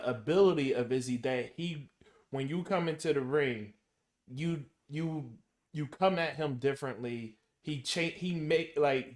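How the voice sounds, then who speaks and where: A man hosts a casual podcast chat at a middle pitch. He talks haltingly, restarting lines as he builds his questions. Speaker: podcast host.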